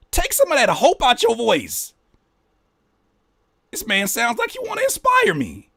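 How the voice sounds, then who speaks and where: Animated joking man, high voice. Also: no echo, studio quality. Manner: animated, joking, rereads lyrics aloud; profane slang. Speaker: reaction host. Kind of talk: casual reaction commentary.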